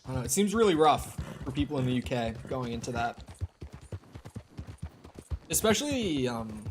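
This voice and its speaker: A man's voice: medium pitch, big pitch swings, normal speed, slight background noise. A young American man streaming a game, rambling in casual chat, swearing often and filling his sentences with "like". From United States. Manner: rambling, profane, many fillers like "like".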